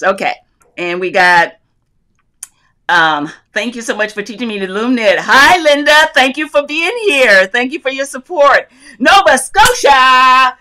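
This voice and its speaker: Bright-voiced chatty woman hosting a live. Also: a little high. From North Carolina. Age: middle-aged. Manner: chatty and effusive, laughs often, greets viewers by place. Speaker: host of a crafting livestream. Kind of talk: casual live chat reading viewer comments.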